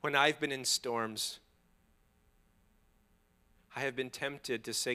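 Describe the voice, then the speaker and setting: Bright-voiced preacher, a man. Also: steady tone, smooth. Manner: preaching with call-and-response to the congregation; swings from hushed and slow to loud and high. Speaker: pastor. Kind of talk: sermon.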